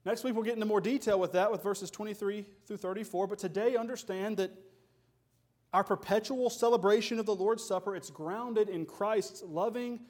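A man's voice: sits high, normal speed, darkish tone. A man preaching a sermon as pastor, emphatic and full of rhetorical questions.

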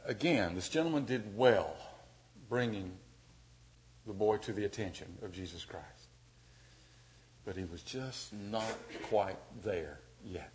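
A man preaching a sermon as pastor, dynamic, dropping to a hush and then rising loud and emphatic. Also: lowish voice, slow, pauses often, a little hiss or hum.

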